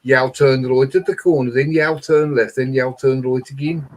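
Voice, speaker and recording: A man's voice: mid-range voice, fairly even intonation, a little fast, a little hiss or hum, natural voice. A man putting on a Midlands accent as a friendly local giving directions. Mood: chirpy. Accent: Midlands English put on.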